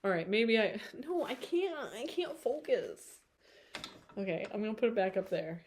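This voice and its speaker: A woman's voice: mid-range voice, big pitch swings, normal speed, a little hiss or hum. Chatty woman reading tarot, tired throat. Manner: chatty and rambling, often laughing. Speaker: tarot reader. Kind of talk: casual tarot reading to camera.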